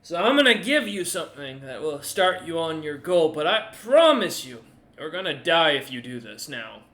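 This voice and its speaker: A man voicing a cocky, grizzled pirate merchant captain who talks loud and taunting. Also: fairly high pitch, very animated, normal speed, pitched above the performer's own voice.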